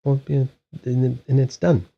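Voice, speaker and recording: A man hosting a casual livestream chat, blunt and animated, swearing freely and acting out quoted lines. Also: mid-range voice, a little slow, creaky, highs cut off. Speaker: livestream host.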